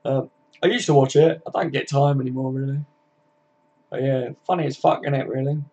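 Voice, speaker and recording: A man's voice: mid-range voice, fairly even intonation, a little fast, mellow, breathy edge. A man with a Scouse accent chatting bluntly on a live fan stream, reading viewers' comments out and swearing freely. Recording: dull lo-fi stream audio.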